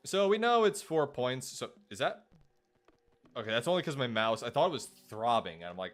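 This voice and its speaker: A man's voice: mid-range voice, a little fast. Rambling man streaming a game. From United States. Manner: rambling, self-deprecating, lively asides. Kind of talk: casual let's play commentary.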